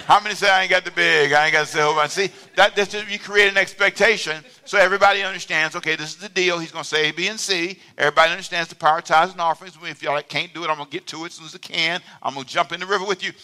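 Male pastor, bright sharp tone, slightly high voice, loose call-and-response sermon. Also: very fast, few pauses. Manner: animated, conversational preaching with call-and-response. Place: church sanctuary.

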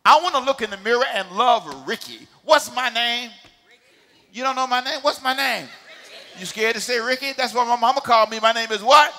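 Bright-voiced, high-pitched male preacher. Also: brisk, long reverb tail. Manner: emphatic call-and-response preaching, swings from quiet asides to shouting. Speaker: pastor. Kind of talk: sermon. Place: church sanctuary.

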